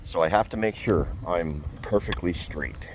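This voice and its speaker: A man's voice: sits low, moderate pace, slight background noise. A chatty, self-deprecating middle-aged man from Canada vlogging as he walks around a fish hatchery outdoors. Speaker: travel vlogger. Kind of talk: casual vlog walk-and-talk.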